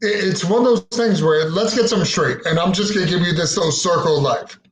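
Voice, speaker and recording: A man's voice: high-pitched, quick pace. A man hosting a casual podcast chat, blunt and wry, with plenty of swearing. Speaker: podcast host. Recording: roomy echo.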